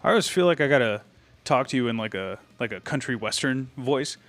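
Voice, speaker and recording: A young man chats on a casual live stream, greeting viewers and narrating what he does as he goes. His voice sits in an ordinary middle pitch. A faint metal track plays in the background. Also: expressive, a little fast, fairly bright tone. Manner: chatty and rambling, greets viewers, thinks aloud. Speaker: livestreamer. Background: faint metal music.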